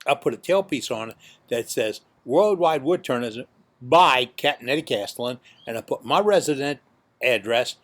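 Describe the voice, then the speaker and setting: A man's voice: medium pitch, expressive, moderate pace. A man hosting a woodturning club video, talking in a folksy, emphatic way and repeating his points. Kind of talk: casual video announcement.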